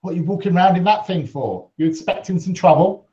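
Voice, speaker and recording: A man voicing a greedy, coarse cart driver, gruff and mocking, on a dull lo-fi recording. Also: high-pitched, lively intonation, fast talker, mellow, voice pushed up. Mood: scoffing.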